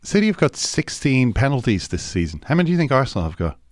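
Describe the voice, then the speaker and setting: A man's voice: medium pitch, sing-song, fast, no echo, studio quality. A man co-hosting a podcast, chatting casually about football in a rambling way and often restarting his sentences. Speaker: podcast co-host.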